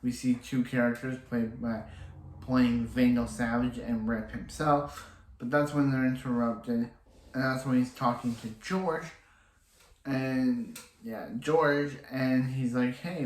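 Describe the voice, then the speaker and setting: A man's voice: mid-range voice, steady tone, takes it slowly, reverberant, slight background noise, low-quality recording. A man casually recapping a TV episode, rambling and restarting his sentences often as he quotes the characters in passing. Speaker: TV episode reviewer.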